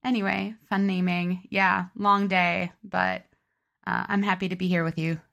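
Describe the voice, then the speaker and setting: A woman's voice: fairly low pitch, flat delivery, moderate pace, gravelly, a bit bright, lo-fi sound. A young woman co-hosting a podcast, chatting in an easygoing, upbeat way. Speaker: podcast co-host. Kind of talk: casual chat.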